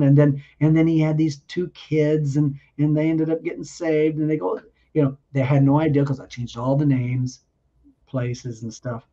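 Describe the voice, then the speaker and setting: A man giving his personal testimony in an earnest, halting way, often restarting his sentences. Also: fairly high pitch, mellow, highs cut off.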